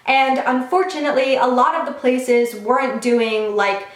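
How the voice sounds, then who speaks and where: A woman's voice: sits high, moderate pace, reverberant. A woman in her twenties telling a casual storytime vlog, chatty and full of "like". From Long Island, New York. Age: 20s. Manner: chatty, says "like" often. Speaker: vlogger.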